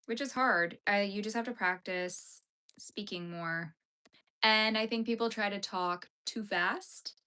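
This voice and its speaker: A woman's voice: medium pitch, a little slow, bright, forceful tone, smooth. A Canadian woman from the far north hosting a knitting livestream, chatting casually with viewers, laughing easily and saying "like" a lot. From Yellowknife, Canada. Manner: chatty, uses "like" as a frequent filler, laughs easily. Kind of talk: casual livestream chat answering viewer comments.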